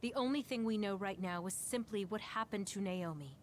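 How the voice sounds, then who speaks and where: A woman voicing a gentle, earnest teammate. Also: mid-range voice, a little fast, slight background noise, close to an everyday voice. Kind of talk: video game voice acting.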